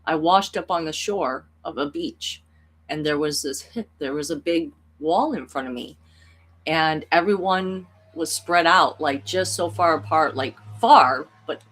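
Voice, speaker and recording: A woman's voice: low voice, a little slow, fairly bright tone, husky. A woman tarot reader talking through a personal story in a rambling, earnest way, full of "like" and "you know.". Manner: earnest and emotional. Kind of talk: reflective personal vlog.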